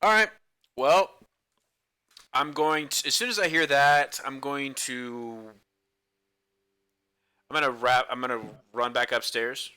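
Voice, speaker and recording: A man's voice: mid-range voice, takes it slowly, long pauses, pushed and bright, clear, resonant tone. A man playing a tabletop game, stating his actions hesitantly as he thinks aloud. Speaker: player. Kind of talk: casual tabletop play.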